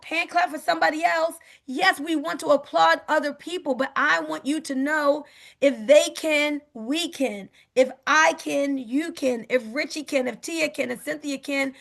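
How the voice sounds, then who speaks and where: Woman, video call sales pitch, upbeat, high pitched, gravelly. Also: fairly bright tone. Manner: upbeat, repeats "guess what".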